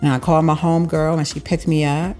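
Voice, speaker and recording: Woman, very low voice, candid podcast guest, repeats herself for emphasis, light music behind. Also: little pitch movement, quick pace, dark tone. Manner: emphatic, repeats phrases, many fillers. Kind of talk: candid conversational storytelling.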